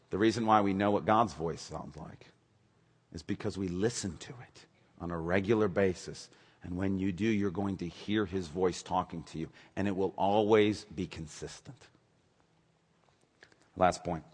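A man preaching a sermon, emphatic, swinging between loud urgent stress and quiet low asides. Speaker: pastor. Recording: long reverb of a large hall.

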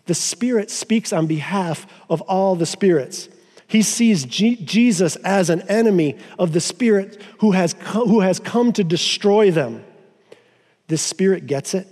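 A man preaching a sermon as pastor, emphatic and slowing down to stress key phrases. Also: high voice, lively intonation, a little mellow, in a large hall. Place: church sanctuary.

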